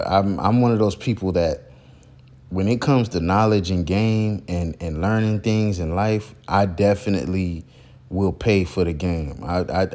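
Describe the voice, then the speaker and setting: A man's voice: low-pitched, darkish tone. A man telling a casual story about a mentor, rambling with many fillers and restarts. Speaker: content creator recalling a mentor.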